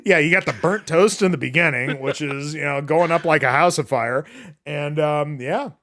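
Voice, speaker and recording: A man's voice: a little high, moderate pace, pushed and bright, slight background noise. A man hosting a podcast, recapping a film in casual chat, rambling with many filler words and free swearing. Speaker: podcast host.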